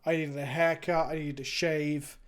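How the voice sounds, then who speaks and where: In casual live stream chat, an English man rambles and mocks himself, sounding tired and sluggish. His voice is fairly high, his delivery flat, and his pace moderate.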